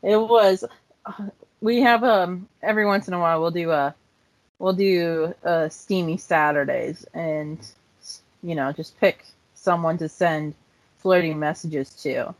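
A woman chatting casually as a podcast co-host, quiet and teasing, laughing softly. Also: on the low side, a little slow, low-quality recording. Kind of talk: casual chat.

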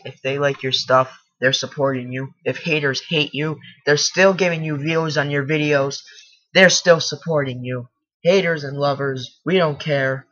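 A man hosting his own casual podcast, rambling and self-deprecating, talking loudly from across the room into his computer's mic. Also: mid-range voice, dull audio. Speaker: podcast host. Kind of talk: casual solo podcast monologue.

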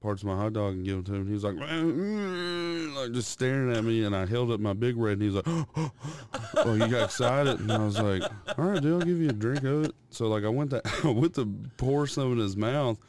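A man's voice: lowish voice, steady tone, fast talker, hardly any pauses, a little mellow, a little hiss or hum. A young man on a podcast, casually telling profane, rambling stories about his toddler and mimicking the kid's noises. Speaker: podcast co-host.

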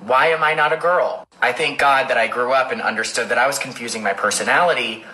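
A man's voice: medium pitch, quick pace, sharp tone, a little hiss or hum, rough recording. A young man giving an earnest, direct commentary to the camera. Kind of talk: commentary video.

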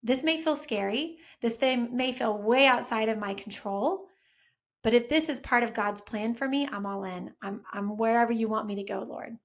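A young woman with a fairly high voice talks through a Sunday lesson for children and families. She keeps it chatty and friendly, often asking the listener questions. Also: moderate pace. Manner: warm, conversational, asks listeners questions. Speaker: children's faith storyteller. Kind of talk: casual Sunday talk for families.

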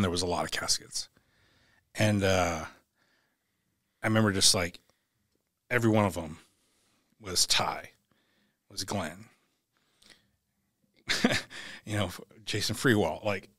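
A middle-aged man with a lowish voice recounts a painful chapter of his life in a podcast interview. He talks bluntly, swears, and restarts his sentences as he searches for words. The sound is close and dry, with no room echo. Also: slow, long pauses, pushed and bright. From United States. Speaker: podcast guest. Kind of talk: emotional personal storytelling.

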